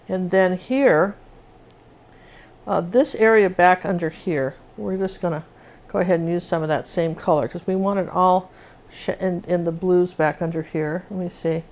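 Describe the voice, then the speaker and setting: This older female painting teacher talks her way through a live acrylic lesson, often breaking off to restart a thought. Her pitch is fairly low and her tone a bit mellow.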